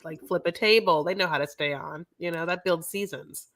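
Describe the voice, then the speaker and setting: A woman's voice: fairly low pitch, a little fast, a bit bright. A woman co-hosting a casual reality TV podcast, talking in a rambling way full of fillers. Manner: chatty, rambling, lots of fillers. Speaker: podcast co-host. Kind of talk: casual chat about reality TV.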